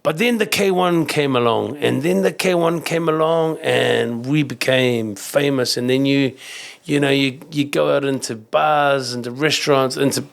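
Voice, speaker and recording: A middle-aged man with a New Zealand accent, a kickboxing champion telling rambling, animated stories in a casual interview, swearing and acting out other people's voices. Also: medium pitch, measured pace, creaky. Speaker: kickboxing champion and coach, guest.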